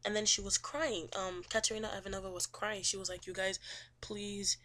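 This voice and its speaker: A woman's voice: mid-range voice, steady tone, fast talker, bright, forceful tone, slight background noise. A young woman casually recapping a chapter of a novel, rambling with lots of ums and acting out the characters' lines. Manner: chatty, rambling, full of ums, acts out quotes. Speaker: student summarizing a novel.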